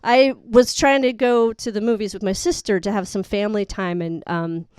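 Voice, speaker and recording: A woman's voice: mid-range voice, fairly even intonation, normal speed, darkish tone, clean tone, no echo. A young woman doing a rambling, exasperated, self-mocking stand-up set. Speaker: stand-up comic. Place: live studio audience.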